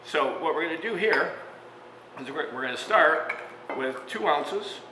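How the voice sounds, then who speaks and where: This chef's voice is a little high and a little slow, with lively intonation. Hosting a casual cooking demonstration, he tells stories in a chatty way, full of fillers and small chuckles mid-sentence, recorded in an echoey room with long reverb and faint hum.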